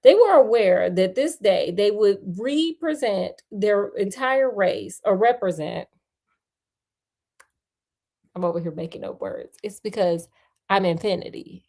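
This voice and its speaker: Slow, playful woman reading aloud. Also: medium pitch, animated, darkish tone. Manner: playful, joking asides between narration. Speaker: storyteller host. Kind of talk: livestream read-aloud with chatty asides.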